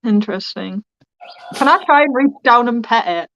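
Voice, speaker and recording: Woman playing a tabletop game, thinking out loud, muffled dry sound. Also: fairly high pitch, lively intonation, normal speed, no echo. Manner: thinks aloud, rambling. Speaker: player. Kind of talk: casual tabletop game chat.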